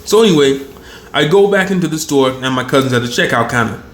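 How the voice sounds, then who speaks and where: Animated, cursing storyteller man in echoey room. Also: mid-range voice, quick pace. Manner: animated, profane, rambling storyteller. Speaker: channel host. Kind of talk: casual storytelling monologue. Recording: roomy echo.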